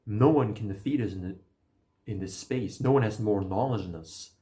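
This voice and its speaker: A man giving a casual, energetic motivational talk, explaining ideas and swearing now and then. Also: fairly low pitch, moderate pace. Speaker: self-help video creator.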